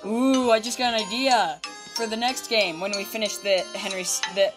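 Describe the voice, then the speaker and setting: A woman's voice: mid-range voice, normal speed, over music. A woman hosting a casual let's-play, talking through the game in a chatty, upbeat way and reading on-screen text aloud, with a child beside her at home. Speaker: gaming channel host.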